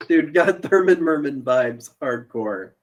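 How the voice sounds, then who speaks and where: A man's voice: a little high, lively intonation, takes it slowly. A married man co-hosting a casual movie podcast, joking in laid-back banter. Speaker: podcast co-host.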